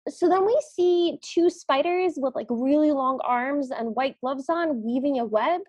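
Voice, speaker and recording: A woman co-hosting a podcast, retelling a cartoon in vivid, deadpan detail. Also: sits high, a little slow, no room sound. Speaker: podcast co-host. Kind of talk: casual recap chat.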